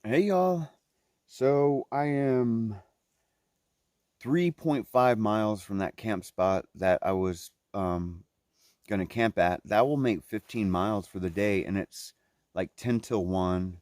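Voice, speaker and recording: A young man vlogging outdoors on a mountain trail, talking haltingly with many fillers and restarts and getting emotional. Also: low voice, a little mellow, dry recording. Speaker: thru-hiker vlogger. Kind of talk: casual vlog talk to camera.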